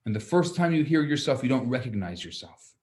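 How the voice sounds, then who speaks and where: A man, a rabbi, teaching a class, telling a story with lively asides and frequent restarts. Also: medium pitch, a little fast. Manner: animated storyteller, acts out children's voices, stammers on restarts. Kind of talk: storytelling lecture.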